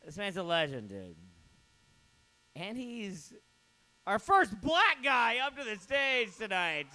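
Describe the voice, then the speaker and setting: A man's voice: high-pitched, sing-song, slow. A man hosting a comedy open mic, tipsy and rowdy, joking and hyping up the crowd between acts. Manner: rowdy, joking, hypes up the crowd, shouts bits. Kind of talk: emceeing a comedy night.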